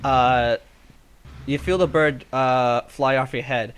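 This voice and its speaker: A man narrating as game master of a tabletop game, halting with many fillers and quick character voices. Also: medium pitch, steady tone, a bit bright, clean tone.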